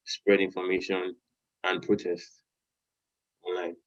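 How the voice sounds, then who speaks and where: A man with a very low, level voice answers calmly and plainly. His sound comes through muffled and lo-fi, like a remote connection. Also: takes it slowly. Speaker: musician guest. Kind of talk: casual interview answer.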